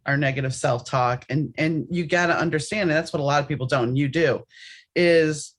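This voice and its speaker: Woman host with a slightly low voice; emphatic and direct, addressing listeners in casual chat. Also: a little fast. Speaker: podcast host. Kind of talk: casual conversational interview.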